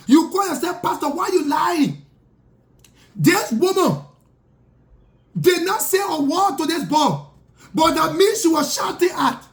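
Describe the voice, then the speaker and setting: A man's voice: very high voice, animated, moderate pace. A self-styled prophet, a man, telling his grievances in an indignant, repetitive monologue with broken grammar. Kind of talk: impassioned spoken monologue.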